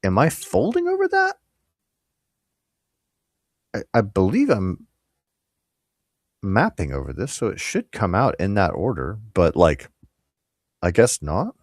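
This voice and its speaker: A man streaming his programming work, chatting casually and breaking into animated, laughing anecdotes. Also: lowish voice, slow, pauses often, no echo, clean studio sound. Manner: animated storyteller, mimics voices and laughs often. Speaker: programmer livestreaming code work. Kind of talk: casual chat while coding.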